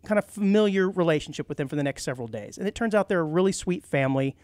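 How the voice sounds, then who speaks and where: A middle-aged man co-hosting a community radio talk show, telling stories in a lively way and laughing easily. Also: fairly high pitch, racing, no room sound. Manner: animated storyteller who laughs easily. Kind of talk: casual chat.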